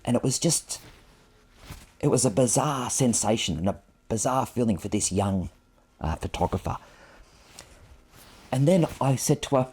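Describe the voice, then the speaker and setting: Husky warm-voiced man telling a story. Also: medium pitch, animated, normal speed, long pauses. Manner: earnest, reflective and self-deprecating. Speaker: photographer. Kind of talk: personal storytelling. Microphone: clip-on microphone.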